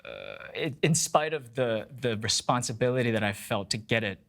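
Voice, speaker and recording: A young man, an actor guest in a casual roundtable conversation, speaking excitedly and searching for words with frequent restarts. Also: medium pitch, normal speed.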